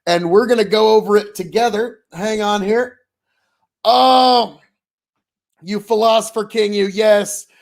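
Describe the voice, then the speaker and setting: A man's voice: high voice, gravelly. A man hosting a casual video commentary, chatty and folksy, rambling and sending blessings to his viewers. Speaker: political commentary vlogger.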